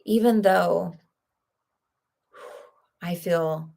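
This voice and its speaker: A woman leading a group tapping session, speaking calm, short phrases for listeners to repeat. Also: fairly low pitch, extremely slow, vocal fry. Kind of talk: guided tapping script, spoken in short phrases.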